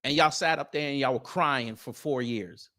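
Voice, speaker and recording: A male streamer rants at his audience and fires off question after question in a mocking tone. His pitch sits in the middle and he laughs with scorn as he talks. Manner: animated, mocking, rapid rhetorical questions. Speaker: political commentary host. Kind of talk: ranting live-stream commentary.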